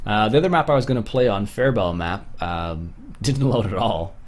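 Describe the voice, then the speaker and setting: A man's voice: fairly low pitch, expressive, normal speed. A young Canadian man from Ontario chatting casually through a livestream, rambling with fillers and restarts. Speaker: streamer.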